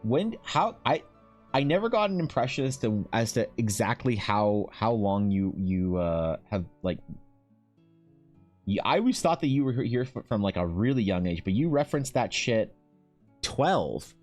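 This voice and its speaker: Casual: young canadian guy streaming, cussing and riffing on chat, mid-pitched voice, faint music behind. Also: sing-song, moderate pace, a little mellow. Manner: profane, joking, reading chat aloud. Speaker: streamer and artist.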